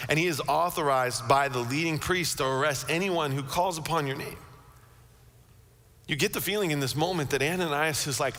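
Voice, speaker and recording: A man preaching a sermon as pastor, telling the story in an animated way with frequent restarts and repeated words. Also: a little high. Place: church sanctuary. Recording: long church hall reverb.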